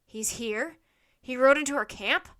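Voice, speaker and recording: A woman voicing a stern male Roman centurion who barks loud demands in a storybook reading. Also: fairly high pitch, lively intonation, normal speed. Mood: alarmed.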